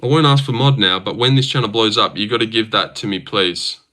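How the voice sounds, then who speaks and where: A man's voice: on the low side, fairly quick, bright, forceful tone. A young man livestreaming, casually reading viewer messages aloud and teasing his chat. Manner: reads viewer messages aloud and teases chatters.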